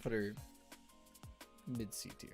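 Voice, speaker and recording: A man's voice: on the low side, steady tone, slow, faint music behind. A man streamer giving rambling, casual tier-list commentary, laughing often between fillers.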